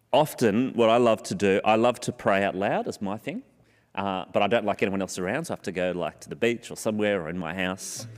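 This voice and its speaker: A man preaching a sermon in an earnest way, slowing down on scripture and repeating key phrases for emphasis. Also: on the low side. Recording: long hall reverb.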